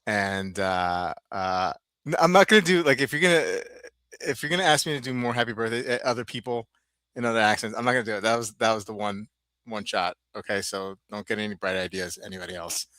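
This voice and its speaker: Brief: low-voiced Northeastern US man, rambling podcast host, dry close sound. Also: sharp tone, dry recording. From Northeastern United States. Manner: rambling, halting, many restarts. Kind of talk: casual podcast chat, reading viewer comments.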